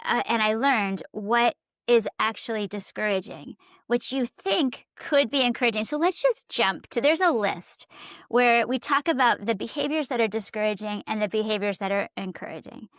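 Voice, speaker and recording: A woman's voice: fairly high pitch, moderate pace, no echo, clean studio sound. A woman co-hosting a parenting podcast who tells stories with energy, acting out quotes and laughing often. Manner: animated storyteller, acts out quotes, laughs often. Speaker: podcast co-host. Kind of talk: casual parenting chat.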